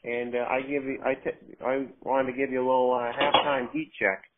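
A man's voice: medium pitch, little pitch movement, moderate pace, heavy background noise. Joking male host on a phone-like line. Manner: jokey, leading questions. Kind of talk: casual podcast chat. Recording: narrow phone-like sound.

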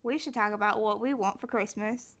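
Bright Southern woman, giggly. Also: medium pitch, steady tone, a little fast. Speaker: podcast co-host. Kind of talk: casual chat.

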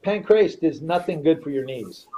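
A man's voice: a little high, expressive, moderate pace, dark tone, rough recording. A man, a retired fighter, is a podcast guest telling a story casually in blunt, profane language and often repeats himself.

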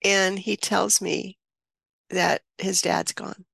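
A woman in her seventies, a guest on an interview show, recounting a personal story in an earnest, reflective way with frequent pauses and restarts. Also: mid-range voice, little pitch movement, creaky, fairly bright tone, slightly rough, no room sound, clean studio sound. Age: 70s. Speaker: interview guest, birth mother and author.

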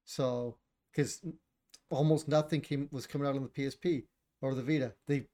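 A man's voice: mid-range voice, fairly even intonation, moderate pace, warm tone. A man co-hosting a casual chat about video games, blunt and opinionated, swearing and laughing often.

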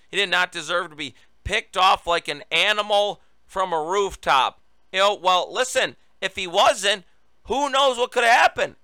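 A man's voice: high-pitched, sharp tone, clear, resonant tone, dry recording. A man hosting his own show, giving a political commentary monologue and reading news quotes aloud with running asides. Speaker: show host.

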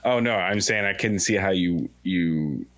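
Blunt low-voiced man in casual chat. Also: a little slow, fairly bright tone, no room sound. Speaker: podcast co-host.

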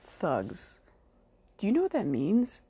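A woman's voice: medium pitch, moderate pace, gravelly, mellow, husky, no room sound. A woman hosting her own podcast, delivering a blunt, angry and heavily profane solo rant aimed straight at her critics. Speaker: podcast host.

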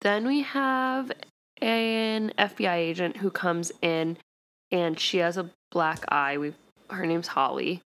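A woman's voice: on the low side, slow pace, a bit bright. A woman co-hosting a podcast, casually recapping a TV episode in a rambling way full of fillers. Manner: rambling, heavy use of "like". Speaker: podcast co-host.

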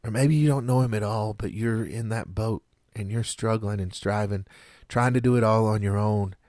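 A man preaching a sermon in an earnest, measured way, with dramatic pauses. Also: on the low side, darkish tone, no room sound, studio quality.

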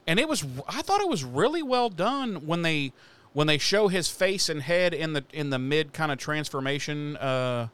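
A man co-hosting a casual podcast, recapping a show with profane jokes and quick put-on voices for the characters. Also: fairly high pitch, lively intonation, a bit bright, smooth. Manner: profane, joking storyteller. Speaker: podcast co-host recapping an episode. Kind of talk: casual chat.

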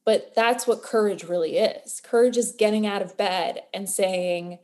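A woman's voice: medium pitch, a little slow, a little mellow. A woman co-hosting a podcast, talking earnestly and encouragingly in casual chat. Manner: earnest, motivational, building to emotion. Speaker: podcast co-host.

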